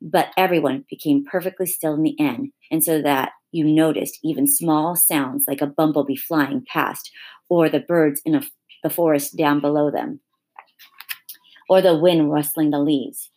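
A woman reading a children's novel aloud in a steady, expressive storytelling manner. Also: low-pitched, normal speed. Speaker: reader.

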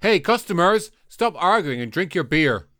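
A man reading the part of a pub landlord who calls his customers chaps and lads and makes flat, machine-like announcements. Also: high voice, normal speed, full character voice. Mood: gruff. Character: gruff male landlord who acts like a machine.

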